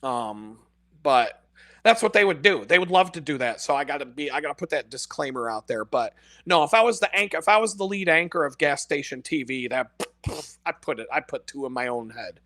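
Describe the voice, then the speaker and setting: A man's voice: on the high side, expressive, brisk, bright, forceful tone, no room sound. A man ranting in a casual, profane monologue, cursing constantly and laughing at his own jokes. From United States. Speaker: podcast host.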